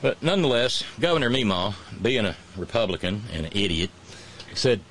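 Sardonic man with a lively voice. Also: on the low side. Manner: sardonic, mocking, drawn-out pauses. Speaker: comedic commentator. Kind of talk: satirical political monologue.

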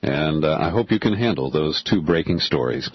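Male talk radio host, husky voice, opinionated and sarcastic, lo-fi broadcast sound. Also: a bass voice, moderate pace, no echo. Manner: opinionated, sarcastic, lively delivery. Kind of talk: radio talk show monologue.

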